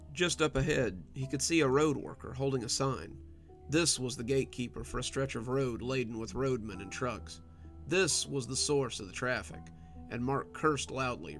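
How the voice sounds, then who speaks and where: A male narrator with a gravelly, creaky voice reads a dark story in a measured, steady tone. Soft instrumental music plays faintly under the reading. His pitch sits in the middle of the male range. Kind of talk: scripted horror story narration.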